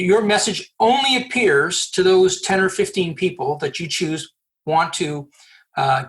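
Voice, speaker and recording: A man from Canada, a recruiter guest on a podcast, telling animated stories with acted-out dialogue and frequent restarts. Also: sits high. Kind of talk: storytelling interview answers.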